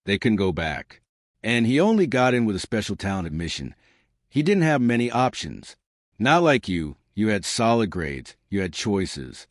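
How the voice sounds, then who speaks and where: Man doing a rambling young woman, pleading, defensive, lively pitch swings, dry close sound. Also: moderate pace, no echo. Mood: panicked. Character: flustered clingy young woman, college freshman.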